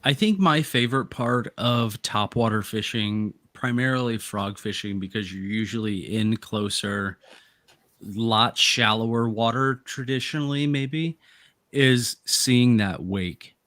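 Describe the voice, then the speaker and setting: A man's voice: medium pitch, unhurried, a bit bright, no echo, studio quality. A man co-hosting a live fishing stream, chatting casually and telling rambling stories. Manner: storytelling, rambling. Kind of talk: casual chat.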